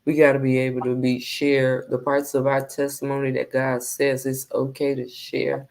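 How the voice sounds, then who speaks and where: A woman's voice: a bass voice, monotone, moderate pace, a little mellow. A woman hosting a casual live chat, talking in a heartfelt way and often repeating her phrases. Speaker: livestream host.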